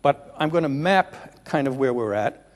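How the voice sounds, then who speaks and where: A middle-aged man giving a conference presentation, unhurried, often pausing to rephrase. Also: mid-range voice, expressive. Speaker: conference keynote speaker. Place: large conference room. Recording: reverberant conference hall.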